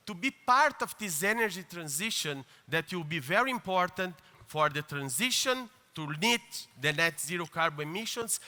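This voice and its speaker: A man's voice: on the high side, pushed and bright. A man giving an earnest conference speech, with hesitant fillers and restarts. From Brazil. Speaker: conference keynote speaker. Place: large conference hall. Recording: long hall reverb.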